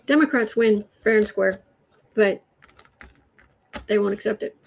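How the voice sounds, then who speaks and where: An American woman with a medium-pitched, creaky voice chats a little slowly on a casual tarot livestream from a room in her home. She reads out viewer comments and murmurs softly to soothe her cat. The audio is poor.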